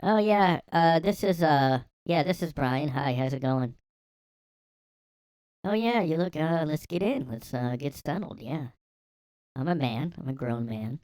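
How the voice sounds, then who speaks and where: Man putting on a short guy, high voice, halting, awkward. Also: animated, darkish tone, clear, resonant tone, no echo, clean studio sound.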